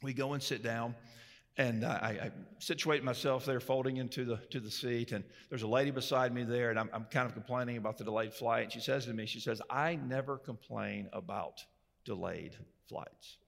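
A male Baptist pastor delivers a sermon in a church, his voice ringing with a long hall reverb. He swings from loud, lifted proclamations down to hushed, intimate storytelling, at an average pitch for a man. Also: fairly even intonation, fast talker.

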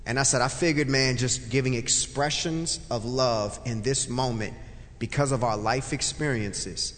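A man in his forties telling a personal faith testimony as a vivid storyteller, swinging between loud excitement and soft, hushed moments. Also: mid-range voice, a little slow. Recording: long hall reverb.

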